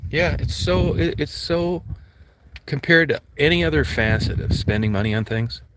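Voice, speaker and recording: A man talks casually and bluntly, rambling through stories, acting out quotes, and swearing at times. His fairly high voice is expressive and paced moderately, with background noise behind it.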